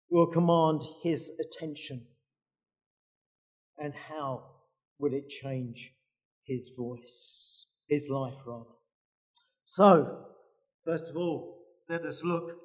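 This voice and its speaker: A man's voice: on the high side, darkish tone. A man preaching a sermon in a conversational way, with dry asides and frequent fillers.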